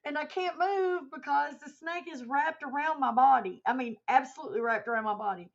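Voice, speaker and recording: A woman hosts a casual livestream, spinning an animated story and answering chat comments along the way. Her voice sits a touch high. The audio is dull and muffled, like a basic stream mic. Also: fairly quick. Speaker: livestream host.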